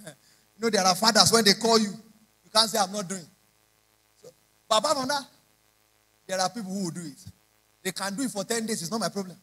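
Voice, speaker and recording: A man's voice: sits high, brisk, long pauses, sharp tone, low-quality recording. A man preaching a sermon, emphatic and repeating lines in rising prayer chants. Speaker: pastor.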